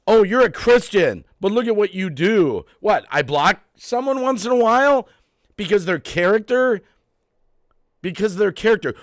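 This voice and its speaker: A man hosting his own channel's live stream, agitated and worked up, repeating phrases and swinging between quiet and loud. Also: on the high side, no room sound, clean studio sound. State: agitated, heart racing. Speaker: YouTube channel host. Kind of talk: emotional live-stream rant.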